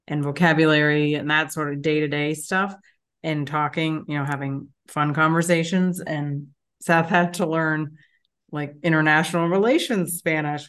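A woman's voice: deep voice, fairly bright tone, clear, resonant tone. A woman co-hosting a podcast, chatting casually and reflectively about learning a language. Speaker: podcast co-host. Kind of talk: casual chat.

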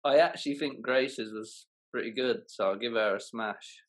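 A man's voice: medium pitch, moderate pace, breathy edge. A man from London with a London accent, a guest judge giving dry, teasing verdicts in casual banter. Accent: London English. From London, England. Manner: dry, teasing, laughs at the hosts.

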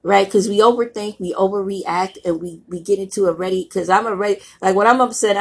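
A middle-aged woman gives a motivational talk, her voice husky and worn by a cold. She talks bluntly and plainly, in a preaching tone full of casual slang. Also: medium pitch, a little fast. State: voice roughened by a cold. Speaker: motivational speaker.

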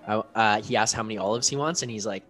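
A man's voice: on the low side, fast talker, fairly bright tone, faint music behind. A young man in casual chat, telling stories with lots of filler words. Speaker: podcast co-host.

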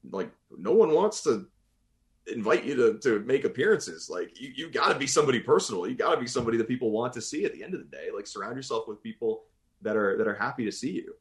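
A man from Boston talks casually as a voice actor guest. His pitch swings widely, rising and falling as he rambles. He often breaks off mid-sentence to restart, and laughs easily along the way. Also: animated, quick pace. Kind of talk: casual interview chat.

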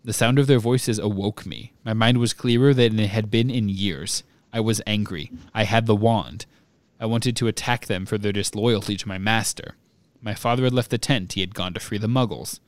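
A man reading aloud in a flat monotone as a young male dark wizard confessing. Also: fairly low pitch, normal speed, no echo, close to an everyday voice.

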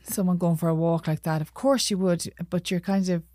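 A woman's voice: lowish voice, fairly even intonation, a little fast, dark tone, dry recording, studio quality. A woman hosting a podcast, chatting casually and agreeing supportively with her guest. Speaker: podcast host. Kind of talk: casual interview chat.

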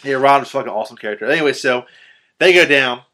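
A man's voice: medium pitch, racing, pushed and bright. A young man in a casual chat about a film, rambling with lots of fillers and swearing freely. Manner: rambling, profane, many fillers.

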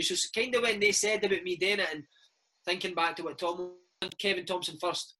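A Scottish man in his thirties rattles through his stories at a fast clip. His voice sits a bit high and sounds bright and husky. He talks in a chatty, animated way and leans on slang. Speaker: podcast host and former footballer, interviewee. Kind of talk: casual chat.

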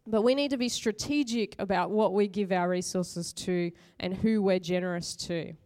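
A middle-aged woman preacher talks her way through a sermon like a friendly chat. She laughs easily and pokes fun at herself. Her voice is smooth and clear. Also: mid-range voice, fairly even intonation, normal speed, a little mellow. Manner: chatty, laughs often, self-mocking. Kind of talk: conversational sermon with personal stories.

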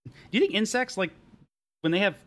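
A young man hosting a casual podcast, animated and rambling, with frequent restarts. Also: high-pitched, a little fast. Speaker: podcast host.

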